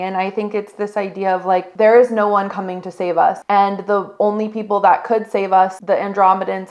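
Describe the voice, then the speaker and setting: A woman giving a casual, rambling movie review, talking enthusiastically and directly to her viewers. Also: medium pitch. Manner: rambling, restarts, occasional laughs. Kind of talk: casual unstructured chat.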